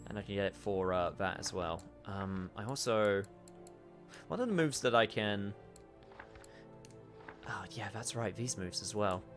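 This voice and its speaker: A man casually commenting on his game as he streams it, rambling and chatty with sudden excited outbursts. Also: lowish voice, a little slow, pauses often. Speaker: gamer streaming a playthrough. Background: game music.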